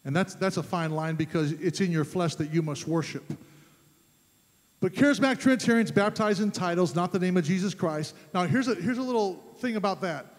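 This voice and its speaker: Emphatic high-voiced male preacher. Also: brisk. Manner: emphatic, rising to loud fervent peaks. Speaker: pastor. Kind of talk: sermon. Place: church sanctuary. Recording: long church reverb.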